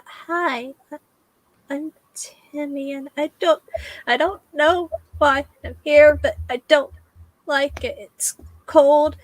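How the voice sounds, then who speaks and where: Woman voicing a timid ghost child, small high voice, whimpering, dry close sound. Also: steady tone, slow, no echo, poor audio. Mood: scared, tearful. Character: small frightened ghost boy, sad and cold.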